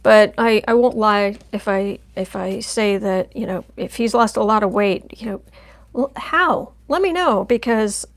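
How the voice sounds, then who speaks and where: A woman's voice: mid-range voice, a little slow. A woman hosting a tarot channel, chatting in a rambling, casual way on a live stream. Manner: chatty, rambling, coos softly to her cat. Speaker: tarot reader, channel host.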